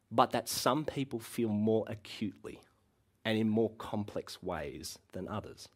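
A man in his thirties preaching a sermon as a pastor, talking in a conversational way with frequent ums and uhs. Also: medium pitch. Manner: lively, conversational delivery with frequent uh and um.

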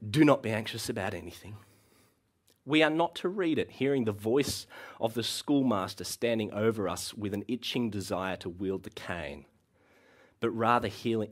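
A man in his thirties preaching a sermon as a pastor, talking in a conversational way with frequent ums and uhs. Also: on the low side. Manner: lively, conversational delivery with frequent uh and um.

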